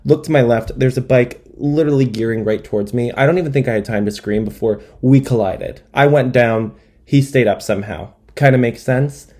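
A man's voice: mid-range voice, brisk, darkish tone. A young man telling a comic monologue in a rambling, self-deprecating way with wry asides. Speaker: comedian. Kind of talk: stand-up style comic monologue.

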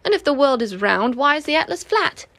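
A woman's voice: high voice, big pitch swings, brisk, fairly bright tone, no room sound, voice pushed up, exaggerated voice. A woman voicing a cheerful, curious young boy in a storybook reading. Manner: cheerful and wondering.

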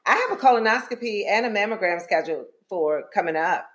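An older woman co-hosting a podcast, chatting casually in a blunt, sassy way and telling lively stories. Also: mid-range voice, brisk. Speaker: podcast co-host. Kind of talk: casual chat.

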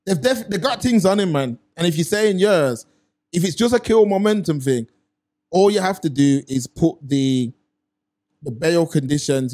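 A man's voice: fairly high pitch, moderate pace, darkish tone. A young man, co-hosting a casual chat show and explaining his point with examples. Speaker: podcast co-host.

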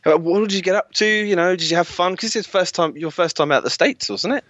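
A man's voice: sits high, quick pace, fairly bright tone, no echo, muffled recording. A man co-hosting a casual chat, asking questions and cracking teasing jokes. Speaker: podcast co-host.

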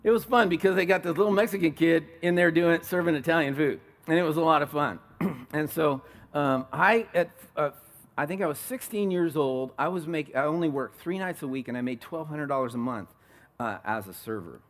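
A middle-aged male pastor from California delivers a sermon in an easy, conversational way. He mixes personal stories with rhetorical questions to the congregation. His speaking voice sits a little high for a man. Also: fairly quick.

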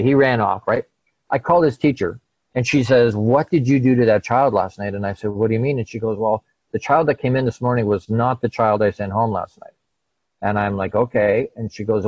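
Middle-aged man, low voice, dry close sound, lively storyteller who acts out every voice. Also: no echo, poor audio. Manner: animated, acts out quoted dialogue. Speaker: guest. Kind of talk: conversational storytelling.

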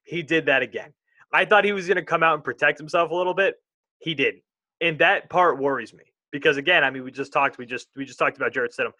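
A young man co-hosting a casual sports podcast, rambling and animated, often interrupting himself. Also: on the high side, fast, no echo.

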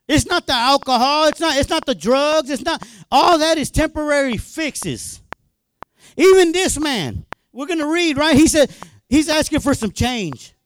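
A male minister preaching a sermon in a colloquial, excitable way, repeating words as he gets fired up. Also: very high voice.

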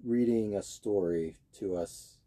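A young man speaks as a guest in a casual chat, earnest and hesitant, often starting his sentences over. His voice is lowish and dark in tone, and he goes slowly.

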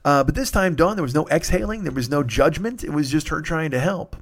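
Man, podcast monologue, rambling storyteller, swears a lot, self-mocking, bursts out loud now and then. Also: a little high, animated, a little fast. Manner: rambling, profane, self-deprecating, with sudden loud outbursts. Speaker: podcast host.

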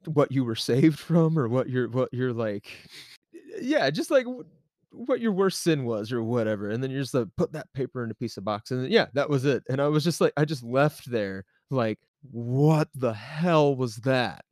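A young man from the American South, casually telling a long story on a podcast, animated and laughing often with many fillers. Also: mid-range voice, moderate pace, no room sound, clean studio sound. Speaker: podcast co-host.

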